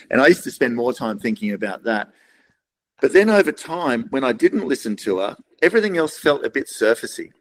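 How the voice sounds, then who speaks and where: A middle-aged Australian man talks as a podcast guest, winding through his stories in a loose, rambling way. He slips into quoted voices to act out what other people said, in a voice of ordinary middle pitch. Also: very animated, a little fast, low-quality recording. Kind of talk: casual storytelling interview.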